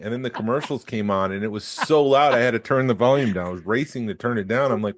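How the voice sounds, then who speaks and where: A man's voice: medium pitch, quick pace, few pauses, dry recording. A man co-hosting a casual podcast chat, telling stories with dry, teasing wit. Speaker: podcast co-host.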